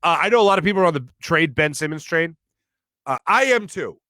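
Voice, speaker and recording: A man hosting a sports talk show, hoarse from losing his voice, giving an emphatic opinion monologue and clearing his throat now and then. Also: fairly high pitch, animated, a little fast, pushed and bright, dry recording. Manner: emphatic, repeats phrases for stress, clears throat often.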